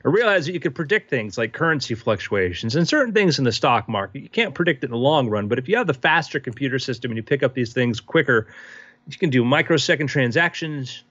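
A man in a tabletop role-play voicing a reclusive, wealthy man in his sixties who speaks in a measured, quietly unsettling way. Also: mid-range voice, lively intonation, husky, dry recording. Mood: self-assured. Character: reclusive wealthy older man, calm and creepy. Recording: slightly dull lo-fi podcast audio.

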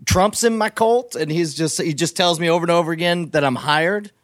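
A man's voice: on the high side, brisk, dry recording, studio quality. A man co-hosting a podcast, joking in casual chat and laughing often. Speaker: podcast co-host.

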